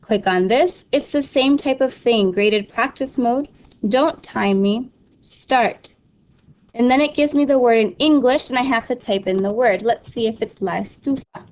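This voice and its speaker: A woman's voice: fairly high pitch, measured pace. Chatty woman teacher walking through a site. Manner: casual, instructive, many ums and restarts. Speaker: Spanish teacher. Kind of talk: screen-recorded tutorial walkthrough.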